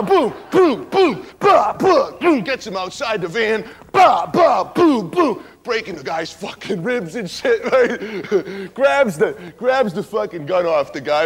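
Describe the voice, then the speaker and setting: A man's voice: high-pitched, expressive, normal speed, hardly any pauses. A man playing a brash, tough-talking young hitchhiker telling a wild story on stage, forever asking "right?". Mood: rowdy. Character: wild young male hitchhiker spinning a stoner tale. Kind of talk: stage monologue character.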